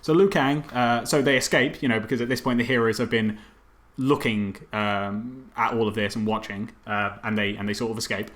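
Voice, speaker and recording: A man's voice: on the low side, steady tone, a little fast, a bit bright. A man co-hosting a casual film review podcast, rambling, laughing often and stumbling over names. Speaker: podcast co-host.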